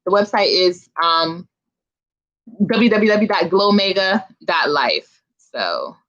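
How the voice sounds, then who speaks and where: A woman's voice: on the low side, sing-song, slow, a bit bright, muffled recording. Chatty young woman hosting a livestream. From Philadelphia. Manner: chatty, slangy, addresses viewers directly. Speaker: livestream host. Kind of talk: casual livestream chat with viewers.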